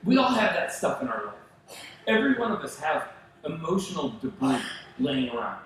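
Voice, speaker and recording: A male pastor preaching a sermon, telling stories in an animated way and acting out the voices of the people he quotes. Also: a little high, normal speed, heavy reverb, slight background noise, low-quality recording. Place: church sanctuary.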